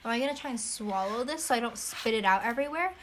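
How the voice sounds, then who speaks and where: Chatty high-voiced teen girl. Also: animated, quick pace, fairly bright tone, a little hiss or hum. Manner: chatty storyteller, heavy use of "like", often laughs. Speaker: podcast co-host. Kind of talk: casual chat.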